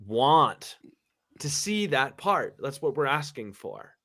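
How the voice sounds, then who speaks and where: A man's voice: medium pitch, big pitch swings, takes it slowly, pushed and bright. A man speaking candidly in a conversation, impassioned and emphatic, often repeating words as he pushes his point.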